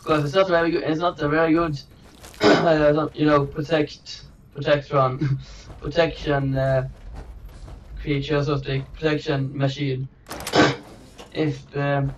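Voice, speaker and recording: A man's voice: a little high, little pitch movement, takes it slowly. A man casually commentating his own gameplay, rambling and joking, trailing off and restarting as he goes. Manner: rambling and jokey, trails off and restarts, chuckles often. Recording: dull distant mic with faint hiss.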